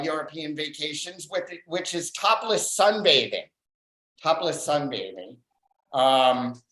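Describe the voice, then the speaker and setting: An open mic stand-up comedian doing a dry, deadpan set on a club stage, pausing often on fillers. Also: medium pitch. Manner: deadpan, dry one-liners with filler pauses. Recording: roomy club echo.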